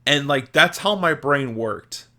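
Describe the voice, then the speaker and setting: A young man tells stories from his childhood in a loose, unhurried monologue, full of "like" and restarts. His voice has a bright, forward tone, and he takes his time getting through each tale. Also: medium pitch, lively intonation. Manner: rambling, filler-heavy, laughs at own stories. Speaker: podcast host. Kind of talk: casual storytelling monologue.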